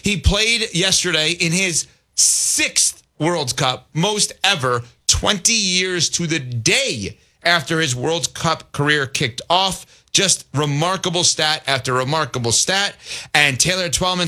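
A man hosting a sports talk show, leading the discussion with brisk, joking banter. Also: fairly high pitch, lively intonation, sharp tone.

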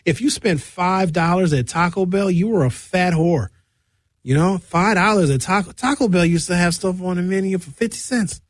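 A man's voice: high-pitched, moderate pace, no echo. A middle-aged man hosting a radio show, telling loose, bawdy comic stories. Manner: loose, bawdy, storytelling with acted-out voices. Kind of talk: comedic monologue.

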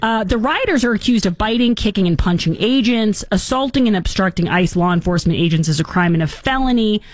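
A woman talk show host riffs through political commentary, mocking and animated. Her voice swoops up and down as she gets worked up. The sound is dry and close, with no room around it. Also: mid-range voice, a little fast, no echo.

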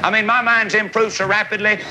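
A man's voice: sits high, level tone, fairly quick, noisy background. A man preaching a revival tent sermon in a fiery, folksy, scolding way. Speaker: evangelist preacher. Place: large revival tent with crowd.

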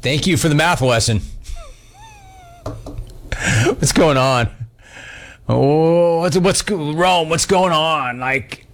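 A man's voice: on the high side, slow pace, long pauses. A man hosting a talk radio show, taking callers with brash, teasing banter.

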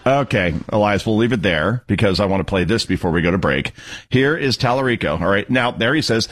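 A man hosting a political talk radio show, sarcastic and animated, cueing audio clips as he comments on them. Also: lowish voice, a little fast.

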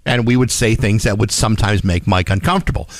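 A man's voice: fairly low pitch, quick pace, no room sound, clean studio sound. A man co-hosting a morning radio show, chatting casually and acting out the people in his stories. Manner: animated storytelling, acts out quoted people.

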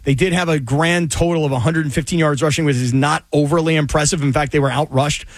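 Male sports-talk co-host, high voice, blunt and emphatic, dry close recording. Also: steady tone, fast, no echo. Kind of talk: casual sports debate.

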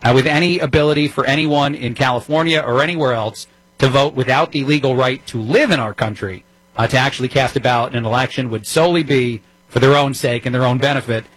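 A man's voice: medium pitch, fast talker, fairly bright tone, slightly rough, no room sound, rough recording. A man from New Jersey with a New Jersey accent, filling in as a political talk radio host, talking in a wry, conversational way with frequent fillers.

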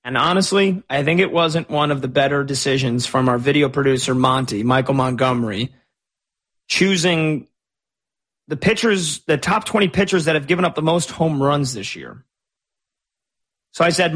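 A man's voice: on the high side, normal speed, fairly bright tone. A man hosting a sports radio show in a studio, chatty and opinionated with a playful streak. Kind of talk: casual sports talk. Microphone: studio microphone.

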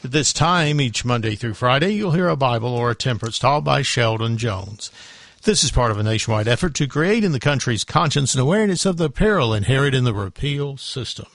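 A man reading scripted radio station announcements in a formal, measured way. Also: mid-range voice, lively intonation, vocal fry, a bit bright, dry recording.

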